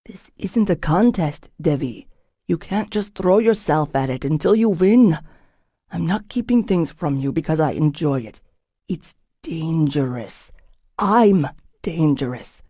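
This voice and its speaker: A woman voicing a guarded, intense man who speaks in low, clipped, urgent tones and often drops to a hush, in an audiobook. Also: lively intonation, unhurried, no echo. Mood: heated. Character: guarded intense man, cold then desperate.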